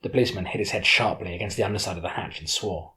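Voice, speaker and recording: A man with a very deep voice narrating an adventure audiobook in the first person. His delivery is steady and even, carrying the story along. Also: rapid-fire.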